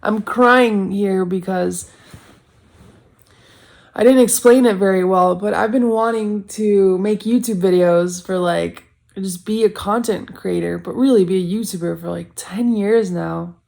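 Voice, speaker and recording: Slow, gravelly-voiced young woman vlogger. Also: medium pitch, fairly even intonation, a little mellow. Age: 20s. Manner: blunt, self-critical, rambling with "like". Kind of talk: candid casual vlog talk.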